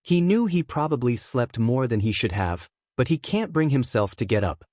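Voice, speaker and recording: A man narrating a fan fiction story in an even, unhurried reading voice. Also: medium pitch, dry recording, clean studio sound. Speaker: fanfiction reader. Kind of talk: scripted narration.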